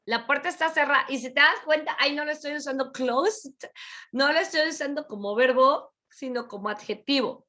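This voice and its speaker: A woman's voice: high-pitched, fast, pushed and bright. A woman teaching English pronunciation in an online class, repeating each word several times for her students over a video call.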